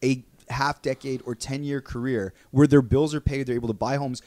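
A podcast co-host, a man, chats casually in a medium-pitched, steady, somewhat dark voice at a moderate pace. He rambles, often restarting and laughing. The studio recording is clean, with no echo.

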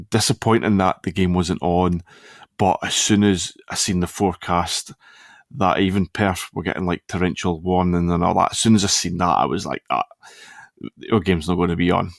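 A man's voice: deep voice, steady tone, moderate pace, vocal fry, dry recording, clean studio sound. A Scottish man hosting a casual football podcast, talking in a rambling, easygoing way and often correcting himself. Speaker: podcast host.

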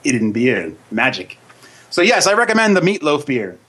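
A man's voice: mid-range voice, wildly swooping pitch, moderate pace, pushed and bright, husky. A man co-hosting a casual beer tasting stream, teasing his co-host and slipping into a mock infomercial delivery. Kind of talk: casual joking beer review chat.

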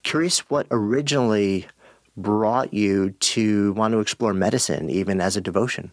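A man's voice: fairly low pitch, moderate pace, dry recording. A man hosting an interview, asking curious, searching questions with hedging fillers. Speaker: interview host. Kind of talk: podcast interview.

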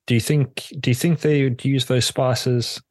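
A man's voice: mid-range voice, fairly even intonation, unhurried, darkish tone, no echo, clean studio sound. A man from the UK co-hosting a podcast, thinking aloud in a hesitant way with trailing questions. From United Kingdom. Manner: hesitant and musing, many fillers and trailing questions. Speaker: podcast co-host. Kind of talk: casual chat.

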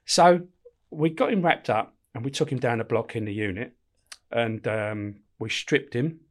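A man's voice: medium pitch, measured pace. A middle-aged man, a former prison officer, telling stories in casual chat, swearing and laughing often. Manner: swearing, laughing, acts out voices. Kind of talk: casual anecdotal storytelling.

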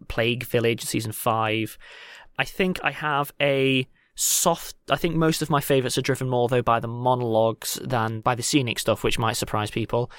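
A man co-hosting a casual podcast Q&A, animated and teasing, quick to laugh. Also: medium pitch, clean tone, no echo, clean studio sound. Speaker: podcast co-host.

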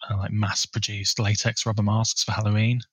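Low-ish guy on a podcast, relaxed, reading off trivia he dug up, dry sound. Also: a little fast, breathy edge, dry recording, low-quality recording. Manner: relaxed, shares researched trivia. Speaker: podcast co-host. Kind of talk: casual film discussion.

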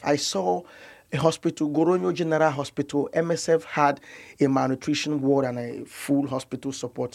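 A man's voice: a little high, a little mellow. A young man from Nigeria, a doctor, telling his story earnestly and with emotion in an interview, often repeating words as he searches for them. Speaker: guest doctor.

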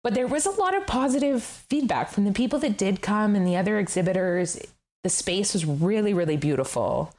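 A middle-aged woman, a guest telling her story in an interview, candid and animated, laughing often and swearing casually. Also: mid-range voice, a little fast. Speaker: guest, furniture designer. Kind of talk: conversational interview.

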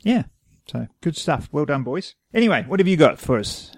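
A man's voice: a little high, very animated, normal speed, dry recording. A young man with a New Zealand accent, co-hosting a casual podcast in an easygoing way and laughing readily. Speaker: podcast co-host. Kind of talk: casual chat.

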